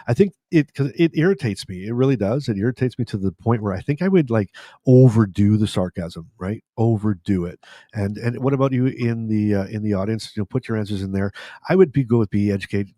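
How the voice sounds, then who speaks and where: Podcast co-host, man, lower voice, talkative, loose and rambling delivery. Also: a little fast, dark tone, no room sound, studio quality. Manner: rambling, with frequent restarts and fillers. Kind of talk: casual podcast chat.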